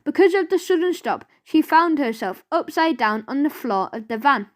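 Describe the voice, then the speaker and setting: High-voiced woman reading a kids' audiobook. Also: normal speed. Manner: lively, acts out sound effects. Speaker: audiobook reader. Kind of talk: children's audiobook narration.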